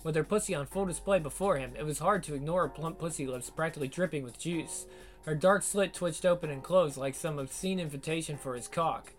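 A man narrating an audiobook in a steady storytelling read. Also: on the high side, brisk. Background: faint guitar music.

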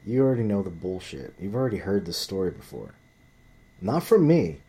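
A man's voice: deep voice, very animated, a little fast, dark tone, breathy edge. A man telling a story in a ranting vlog monologue, blunt and profane, often rambling and restarting his sentences. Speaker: vlogger.

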